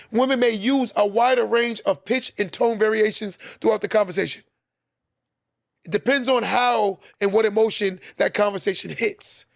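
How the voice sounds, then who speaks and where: A man's voice: high voice, creaky, dry recording, studio quality. A podcast host giving advice to listeners in a preachy way, repeating his points for emphasis.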